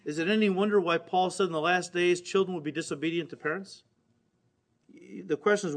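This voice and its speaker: A man preaching a sermon in an earnest tone, building to emphatic points and dropping to grave, quiet passages. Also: fairly high pitch.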